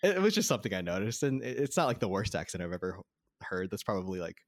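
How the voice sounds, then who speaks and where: A man with a lowish voice chatting casually about a film on a podcast. He rambles with many fillers and restarts. His voice sounds close and dry. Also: big pitch swings, fast, dry recording. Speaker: podcast co-host.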